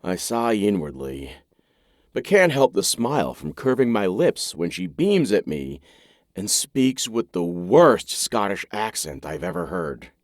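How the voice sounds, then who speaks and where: Low, slow-spoken male audiobook narrator. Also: sing-song, dry recording, studio quality. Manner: wry, intimate, low-key. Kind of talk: first-person romance narration.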